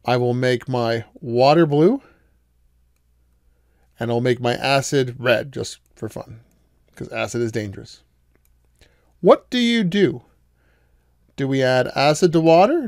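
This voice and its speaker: A man's voice: mid-range voice, darkish tone, no echo, clean studio sound. A man giving a recorded college math lecture, explaining each step patiently and asking the class questions as he goes.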